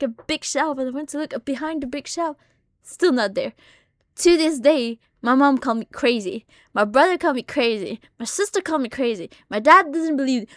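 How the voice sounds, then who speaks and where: High-voiced woman streamer telling a story. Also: dry recording, clean studio sound. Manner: animated, swears a lot, shrieks in retold moments. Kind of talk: casual live-stream storytelling.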